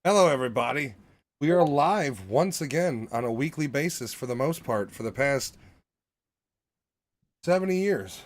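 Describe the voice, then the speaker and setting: Man, thirties, podcast host, casual banter, crude jokes, middle-pitched voice. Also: lively intonation, normal speed, pauses often. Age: 30s. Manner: joking, profane, riffing.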